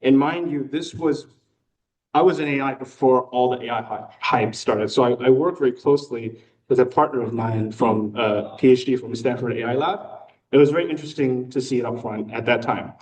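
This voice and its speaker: A man's voice: mid-range voice, normal speed, darkish tone. A man in his thirties from Hong Kong with an American accent, giving a prepared personal speech to a club with self-deprecating humor and occasional filler words. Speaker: new club member giving a talk. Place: meeting room. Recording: voice picked up from a distance.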